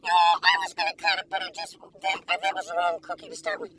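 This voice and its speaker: A woman taste-testing food in a casual vlog, talking in an excitable, giggly, gushing way. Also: extremely high pitch, fast talker. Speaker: food reviewer. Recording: distant mic with faint background noise.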